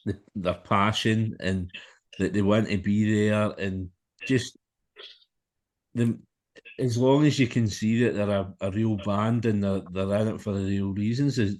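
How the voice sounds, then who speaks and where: Podcast host guy, kinda low voice, stumbles a bit getting sentences going. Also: fairly even intonation. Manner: halting, repeats words when starting sentences. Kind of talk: casual interview chat.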